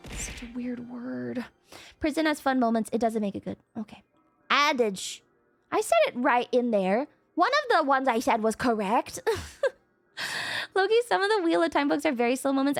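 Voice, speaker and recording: A woman streamer with a high voice chats casually and rambles from thought to thought, swearing freely and breaking into laughs. Faint music plays quietly underneath. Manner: rambling, profane, laughs often. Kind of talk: casual live-stream chat.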